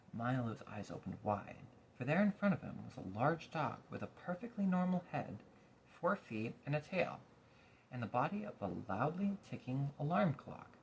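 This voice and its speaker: Male audiobook reader, expressive and lively, faint noise behind. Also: medium pitch, creaky. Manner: expressive storytelling. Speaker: storyteller. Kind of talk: reading a novel aloud.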